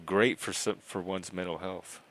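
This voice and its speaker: A man's voice: low-pitched, fairly even intonation, normal speed, fairly bright tone, no room sound, poor audio. A man in casual stream chat, making dry, wry comments.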